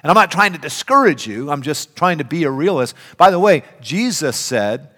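An older man preaching a sermon, emphatic, swinging between loud and hushed. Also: fairly high pitch, animated, moderate pace. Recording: reverberant hall.

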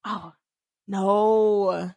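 A woman co-hosting a casual movie recap chat, animated and laughing often, swearing freely. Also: mid-range voice, very slow, vocal fry. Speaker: podcast co-host.

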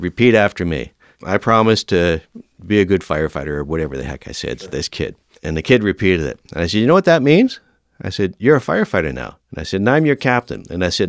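A middle-aged man, a firefighter, telling lively stories in an interview and acting out the dialogue. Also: sits low, no echo, clean studio sound. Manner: animated storyteller, acts out quoted dialogue. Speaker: firefighter guest. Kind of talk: storytelling in an interview.

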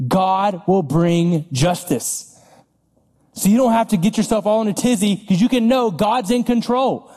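A man delivers a sermon from a church stage in a relaxed, conversational way, circling back on his words and chuckling now and then. His voice sits a little high but sounds mellow. A long reverb from the large hall trails behind every phrase. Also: normal speed. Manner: conversational preaching with laughs and repeated words. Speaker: pastor. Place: church sanctuary.

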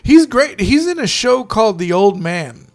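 A man with a high-pitched voice and a gravelly fry in it. He chats casually and jokes with a friend while they watch a movie, and he swears freely as he tells stories. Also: big pitch swings, moderate pace, darkish tone. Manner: joking, storytelling, profane.

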